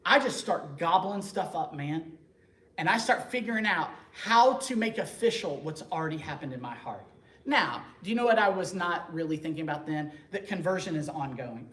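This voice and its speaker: A man telling his conversion story to a parish group in a lively, joking, conversational way. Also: fairly high pitch. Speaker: speaker giving a conversion testimony. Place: church meeting room. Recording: echoey room, faint background noise.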